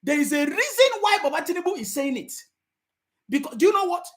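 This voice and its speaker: A Nigerian woman with a Nigerian accent talks straight to her viewers in a fervent political commentary vlog. Her voice sits high, and she stresses her points by repeating them, sometimes rising to a shout. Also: animated, quick pace. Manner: emphatic, repetitive, sometimes shouting.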